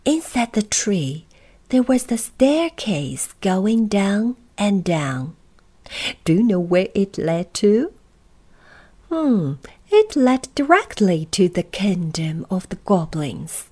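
Slow, expressive woman reading a storybook. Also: mid-range voice. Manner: expressive, dramatic pauses, breathy asides. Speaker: narrator.

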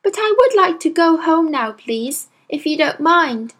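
Woman doing a high bright little girl, eager and polite, lively, storybook voice. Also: a little slow, exaggerated voice. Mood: earnest.

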